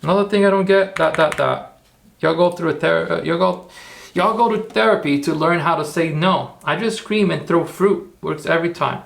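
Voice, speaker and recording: A man's voice: a little high, normal speed, creaky, fairly bright tone, slight background noise. A man hosting a casual tutorial livestream, rambling, repeating himself and talking to his chat. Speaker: livestream host.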